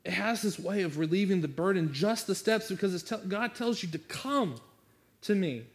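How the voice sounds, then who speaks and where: A man's voice: high voice, animated, normal speed. A man pastor preaching a sermon and making an earnest, pleading altar call.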